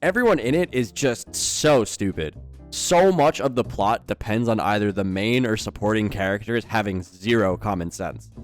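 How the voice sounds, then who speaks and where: A man's voice: on the low side, expressive, normal speed, faint music behind. A young man giving a sarcastic, incredulous film review in scripted commentary.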